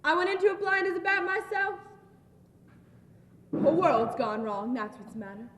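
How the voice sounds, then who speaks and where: A girl playing a tearful, high-voiced mother. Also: normal speed, fairly bright tone. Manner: tearful, musing monologue. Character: anxious mother on her daughter's wedding day. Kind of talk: school stage play acting. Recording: echoey hall, far-off mic.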